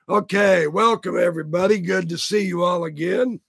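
A hoarse man with a rough, raspy voice hosting a casual live stream, joking around and greeting his viewers by name. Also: high-pitched, normal speed, hardly any pauses, background noise. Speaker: livestream host.

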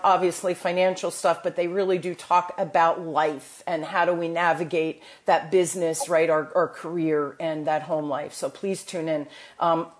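A woman with a New Jersey accent, hosting a podcast and giving enthusiastic, motivational talk full of restarts. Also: lowish voice. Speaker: podcast host. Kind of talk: casual chat.

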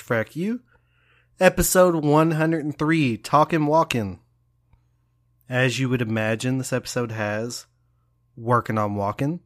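A man closing out his show, unhurried and sincere. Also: mid-range voice, fairly bright tone. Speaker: show host. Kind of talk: outro announcement.

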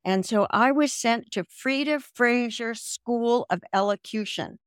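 An older woman from the American South, a guest on a video-call interview, telling her story in a lively way and mimicking voices. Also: on the high side, unhurried, clear, resonant tone, no room sound, studio quality. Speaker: guest, language program founder.

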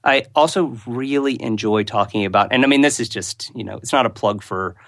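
A man's voice: medium pitch, fairly quick, fairly bright tone, dry recording. A man speaking as a podcast guest, earnest and open about what he loves to discuss. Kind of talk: conversational interview.

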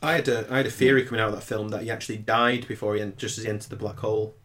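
A man's voice: on the low side, steady tone, racing, a bit bright. A man co-hosting a podcast, chatting casually and laying out his ideas in a thoughtful way. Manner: thoughtful, theorizing. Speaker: podcast co-host. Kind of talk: casual chat.

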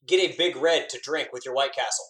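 A man co-hosting a casual podcast, excitable and swearing freely. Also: medium pitch, fast, reverberant, poor audio. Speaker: podcast co-host. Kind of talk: casual chat.

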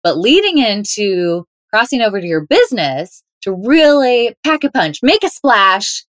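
A woman's voice: medium pitch, very animated, normal speed, no echo, clean studio sound. A woman guest on a podcast interview, talking in an upbeat, playful way. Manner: upbeat, playful, laughs often. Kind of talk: interview, conversational.

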